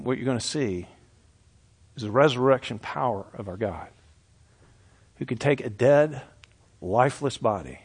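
A man preaching a sermon, reading scripture dramatically and dropping from loud declarations to hushed, slow words. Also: mid-range voice, slightly rough.

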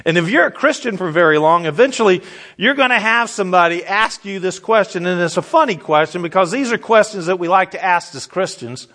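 A middle-aged man preaching a sermon as pastor, animated and repetitive, asking the audience questions. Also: high-pitched, fairly quick.

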